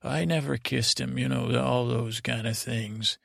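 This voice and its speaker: A man with a gravelly voice drifts through a rambling bedtime story, circling back on himself with restarts and trailing asides. His delivery stays flat and even, and the sound is dry and close. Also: dry recording. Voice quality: gravelly, low-key drone. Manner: meandering, halting, with many restarts and trailing asides. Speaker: sleep podcast host.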